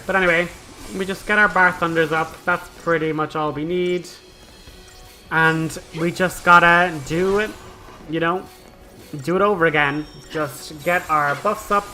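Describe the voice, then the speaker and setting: A man's voice: fairly high pitch, bright, forceful tone, rough recording. A young man hosting a gaming channel, explaining his game strategy in a chatty, casual way full of "like". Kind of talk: casual gameplay commentary.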